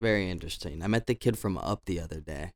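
Rambling low-voiced man telling stories. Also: quick pace. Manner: rambling, many restarts and fillers. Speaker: podcast host. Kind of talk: casual storytelling monologue.

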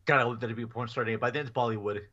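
A man's voice: mid-range voice, fairly even intonation, very fast, pushed and bright, lo-fi sound. A man as a podcast guest, answering quiz questions in an easygoing way. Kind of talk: casual comedy podcast, quiz contestant.

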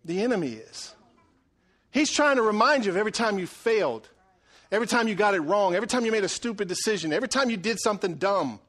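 A middle-aged man preaching a sermon, animated and joking, swinging between loud and hushed delivery. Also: high-pitched, fast. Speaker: pastor.

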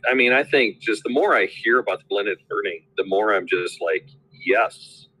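Man from South Dakota, low bright voice, hesitant casual chat. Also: lively intonation, brisk, husky, rough recording. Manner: hesitant, many fillers. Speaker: teacher.

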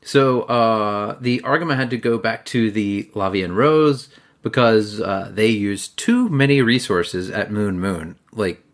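Low-voiced, rambling podcast host. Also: male voice, expressive, measured pace. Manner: rambling, self-deprecating, many fillers. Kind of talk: casual podcast chat.

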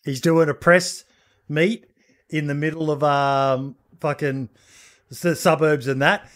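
A man's voice: on the high side, steady tone, slow pace. Laid-back sweary Australian man. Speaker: podcast co-host. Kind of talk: casual chat.

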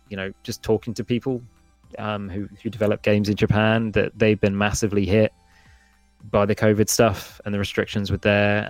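Low-voiced man rambling about games. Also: clear, resonant tone, no echo. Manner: rambling, many fillers and restarts, animated impressions. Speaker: podcast guest, gaming expert. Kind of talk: casual podcast chat.

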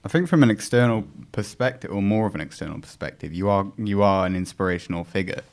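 Man, deep voice, podcast host, polite, hesitant questions. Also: fast. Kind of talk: casual interview questions.

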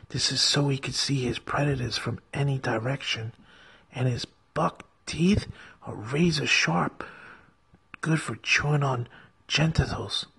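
A man voicing a hushed nature-documentary host who stalks a rare creature in mock-serious whispers. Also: mid-range voice, vocal fry, breathy edge, full character voice. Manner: whispered wildlife-show narration, mock serious.

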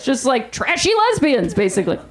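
Animated high-voiced woman doing stand-up. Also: fairly quick. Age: 30s. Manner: animated storytelling, laughing through her lines. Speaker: host and stand-up comedian. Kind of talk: live stand-up comedy set. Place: comedy stage before a live audience. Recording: loud background noise from the room. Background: audience laughter.

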